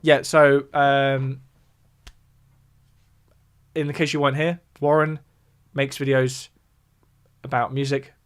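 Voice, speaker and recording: Speaking slowly and pausing often, this man has a smooth, level, medium-pitched voice and a southern English accent, being from the south of England. He hosts a music livestream on YouTube, chatting casually, explaining things and reacting to viewer chat between points.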